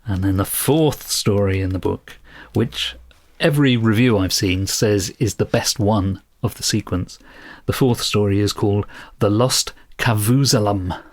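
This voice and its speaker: A man's voice: lowish voice, measured pace. A man co-hosting a book discussion podcast, talking in a thoughtful, self-deprecating way and explaining at length. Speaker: podcast co-host.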